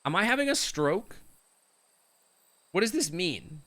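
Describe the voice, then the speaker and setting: Canadian guy streaming a game; bright voice, rambling jokey banter with chat. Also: sits high, very animated, a little slow. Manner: rambling, jokey, chatting with viewers. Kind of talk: live game stream commentary.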